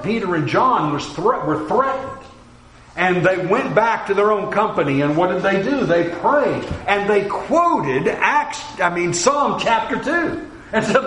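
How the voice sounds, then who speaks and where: Lively, high-voiced male preacher. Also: echoey room, slight background noise, rough recording. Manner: animated, acts out quoted voices with sudden drops to a hush. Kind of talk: sermon.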